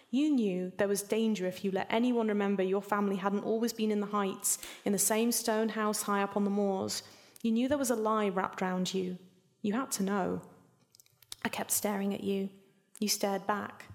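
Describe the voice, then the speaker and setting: A woman author reading a passage of her novel aloud at a live event, softly and measured. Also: medium pitch. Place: event hall with audience. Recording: long hall reverb.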